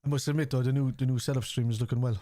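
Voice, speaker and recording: A man's voice: medium pitch, racing, dry recording, studio quality. A middle-aged man with a chatty manner, streaming a football watchalong, reacting to play and reading out chat messages. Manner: chatty, reads out chat messages, excitable at match moments. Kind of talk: casual live-stream chat and match reactions.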